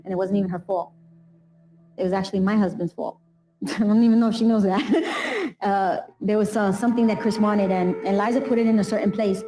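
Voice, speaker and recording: A woman's voice: mid-range voice, rough recording. A woman interviewed for a documentary, earnestly retelling a family story and acting out the voices of the people involved. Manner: earnest, quotes people in raised voice. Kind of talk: emotional recounting.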